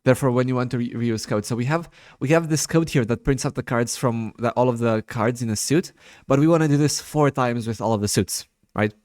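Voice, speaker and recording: A man's voice: mid-range voice, brisk, darkish tone, no echo. Patient man explaining code, dry sound. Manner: patient, repeats himself. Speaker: programming tutor. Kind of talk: casual tutoring chat.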